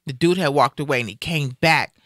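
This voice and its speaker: A woman's voice: low voice, a little fast, a bit bright, no room sound, clean studio sound. A middle-aged woman hosting a live stream, talking earnestly and emotionally in casual chat, often repeating herself. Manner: earnest, preachy, repeats phrases.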